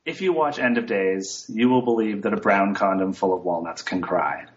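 A man in a casual movie review chat, making wry, deadpan jokes. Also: fairly low pitch, normal speed, very noisy. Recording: dull lo-fi audio.

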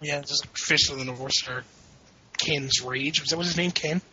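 A teasing, foul-mouthed male podcast co-host with a very bright, sharp voice pitched a bit high. The sound is dull and lo-fi. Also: normal speed, slight background noise. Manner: joking, profane, teasing. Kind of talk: casual podcast banter.

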